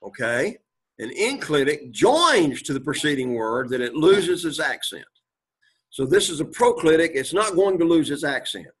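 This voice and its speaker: A man teaching a Greek class, reading Greek aloud, translating it and quizzing his students, often clearing his throat. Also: on the high side, sing-song, moderate pace. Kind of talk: classroom lecture.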